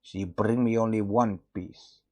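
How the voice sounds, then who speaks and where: A man's voice: on the low side, steady tone, unhurried, dark tone, close to an everyday voice. A man voicing an indignant foreign man who tells a joke in broken English. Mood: complaining. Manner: broken grammar, rising outrage.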